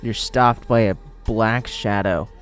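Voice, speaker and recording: A man running a tabletop game in a slow, relaxed, casual way. His voice sits fairly low, and his narration is unhurried and full of jokes. Faint music plays in the background. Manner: laid-back, laughing, swearing. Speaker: game master.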